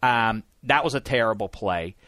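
A man's voice: lowish voice, moderate pace, sharp tone, dry recording, studio quality. A man hosting a sports podcast, talking in an emphatic, opinionated way. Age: 40s or older. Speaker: podcast host. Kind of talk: casual sports podcast chat.

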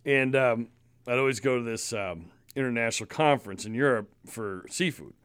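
A man co-hosting a podcast, telling stories in a casual, profane, animated way. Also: mid-range voice, moderate pace, clean tone, no echo. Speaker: podcast co-host. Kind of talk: casual chat, storytelling.

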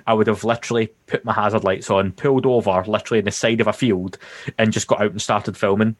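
A man hosting a casual podcast conversation, his voice sitting a touch low. He talks in a relaxed, rambling way, working through hypothetical examples. The sound is dry and close, with no room in it. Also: fast talker, no echo. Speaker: podcast host.

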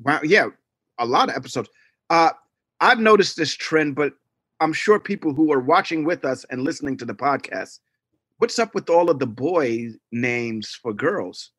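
Animated storytelling man, bright voice. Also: fairly high pitch, normal speed, breathy edge, no echo, clean studio sound. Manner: animated storyteller acting out quotes. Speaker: podcast co-host. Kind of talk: casual chat.

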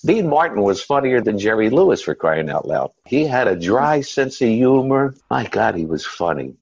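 A man tells rambling stories in a casual interview. His voice is very low and gravelly, with a husky edge. The sound is dry and muffled. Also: sing-song, moderate pace, no room sound. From United States. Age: 70s. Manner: rambling anecdotes full of "you know" and "uh". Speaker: interview guest, singer.

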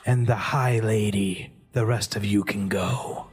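A man's voice: fairly low pitch, steady tone, unhurried, soft background music, natural voice. A man voicing a cold, demanding male goblin messenger in a tabletop game.

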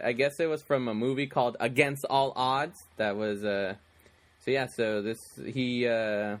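A man's voice: mid-range voice, a bit bright. A man co-hosting a casual chat about music and movies, rambling with many fillers. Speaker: podcast co-host.

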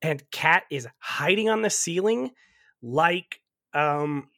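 A man on a podcast recapping a movie in casual chat, telling it with lively energy, laughing often and swearing freely. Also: on the high side, takes it slowly, dry recording, studio quality.

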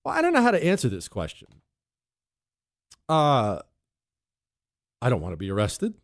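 A man's voice: mid-range voice, wildly swooping pitch, moderate pace, dry recording, studio quality. A man hosting a talk radio show, telling a story with dramatic flair and sound effects, then answering listener questions.

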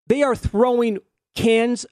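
Animated man, dry studio mic. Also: very high voice, slow pace, no echo. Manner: animated, mock-outraged, acts out fans' lines. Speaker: sports betting radio host. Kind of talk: casual sports talk, narrating fan videos.

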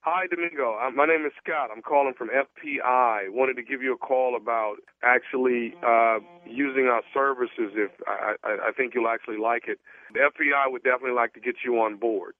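A man making a prank phone call, posing as a salesman with an earnest pitch full of stumbles and restarts. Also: fairly even intonation, a little fast, no echo. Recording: tinny phone line.

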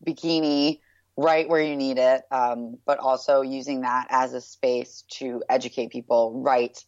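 In a casual interview, a thirty-something brand founder from New York, USA, describes her work in an upbeat, loose way, peppered with "like" and "um." She has a strikingly deep, low voice that is a little mellow, with a steady tone and measured pace. The dull, lo-fi recording sounds dry and close, with no echo.

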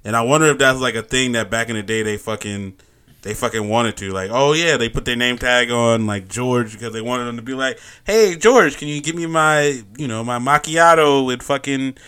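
Young male co-host, casual and profane, bright clear voice. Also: mid-range voice. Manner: profane, laughing, acts out others in quick voices. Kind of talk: casual chat.

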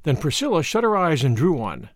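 Expressive male storybook narrator, dry sound. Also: a little high, fairly quick, no room sound. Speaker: audiobook narrator. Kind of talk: scripted narration.

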